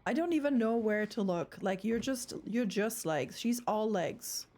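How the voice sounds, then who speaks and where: A woman's voice: medium pitch, animated, measured pace, a little mellow, a little hiss or hum. A young woman streaming a horror game live, rambling, swearing and screaming in fright, with a throat sore from screaming.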